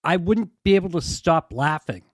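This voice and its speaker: A man co-hosting a casual podcast, playful and quick to laugh. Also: a little high, expressive, no room sound, clean studio sound. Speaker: podcast co-host. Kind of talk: casual chat.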